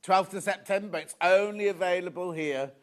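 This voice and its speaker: Man, shopping channel presenter, from the UK, giggly, reads viewer messages, slightly high voice, studio. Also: normal speed. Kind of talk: live sales presenting.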